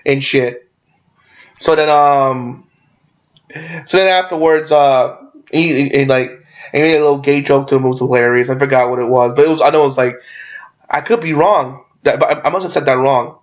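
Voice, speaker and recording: A man's voice: medium pitch, normal speed, long pauses. A man recapping a movie in a casual, rambling way, full of fillers and restarts. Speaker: movie reviewer. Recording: dull lo-fi sound.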